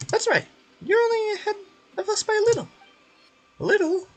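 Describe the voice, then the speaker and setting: A man voicing a tiny, excitable and always-hungry floating female companion in a fan voice-over of a game, with squealing, dramatic complaints. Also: very high-pitched, a little fast. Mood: defiant.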